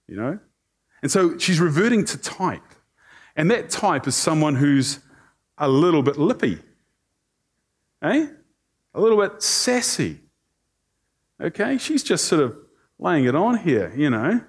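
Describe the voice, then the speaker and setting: Male pastor, slightly raised voice, lively and conversational, playful asides to the congregation. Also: a little high, measured pace, breathy edge. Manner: animated, conversational, joking with the congregation. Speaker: preacher. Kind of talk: sermon.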